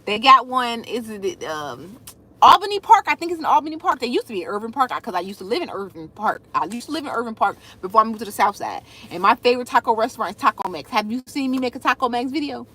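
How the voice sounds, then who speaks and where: A woman's voice: a little high, fast talker, slightly rough. A young woman, chatting casually with her viewers on a livestream as a food content creator. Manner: animated, talks straight to viewers, reads out comments.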